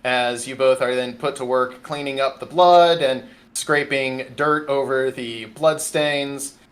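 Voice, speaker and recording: A man's voice: mid-range voice, fairly even intonation, slow. A man running a tabletop game as game master over an online call, narrating casually with many fillers. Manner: casual, rambling, full of fillers.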